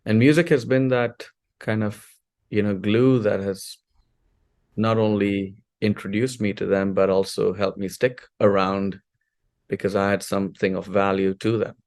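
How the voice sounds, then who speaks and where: A man in his forties from India, a podcast guest telling stories of his life in a lively, filler-heavy way. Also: on the low side, a little slow. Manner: animated storyteller, many fillers and restarts. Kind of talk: casual interview storytelling.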